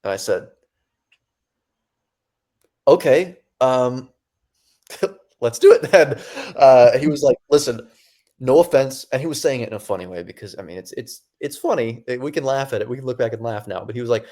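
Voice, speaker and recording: A young man in his twenties, a podcast guest telling his own story in a casual, animated way, often acting out what people said. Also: medium pitch, fast talker, few pauses. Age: 20s. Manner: animated, acts out quoted dialogue; casual, many fillers and restarts. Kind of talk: storytelling in an interview.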